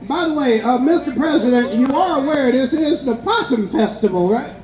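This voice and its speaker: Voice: high voice, animated, moderate pace. A festival announcer giving joking, chatty play-by-play of an outdoor contest. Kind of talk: live event commentary. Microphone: public address loudspeaker. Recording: echoing PA amid a crowd.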